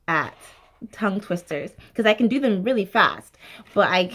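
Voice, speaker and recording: A woman in her late twenties giving speaking tips in a casual vlog, chatty and expressive, with lots of "like" and "um" fillers and the odd swear. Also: medium pitch. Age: late 20s. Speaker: actor sharing speaking tips. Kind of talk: casual talking-to-camera vlog.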